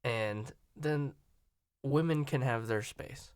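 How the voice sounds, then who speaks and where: A man's voice: medium pitch, slow, clean tone, no room sound, studio quality. A man from Virginia and Florida talking in a casual, rambling, opinionated monologue and often cutting himself off. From Virginia and Florida, USA. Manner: opinionated, rambling, self-interrupting.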